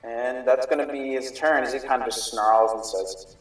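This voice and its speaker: A man running a tabletop game as game master, narrating in a halting way with fillers and restarts. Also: medium pitch, fairly even intonation. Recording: echoey room, distant mic, faint music.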